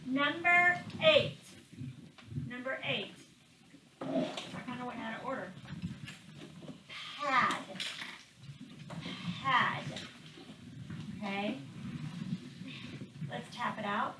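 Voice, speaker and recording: A woman's voice: a little high, very slow, long pauses. A woman teaching a phonics lesson to a class, patient and coaxing as she asks the children questions. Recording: echoey classroom, far from mic, background noise.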